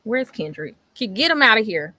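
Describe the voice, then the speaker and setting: Bright-toned woman, blunt casual podcast co-host. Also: fairly high pitch, sing-song, normal speed, dry recording. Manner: blunt, opinionated, slangy. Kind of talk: casual chat.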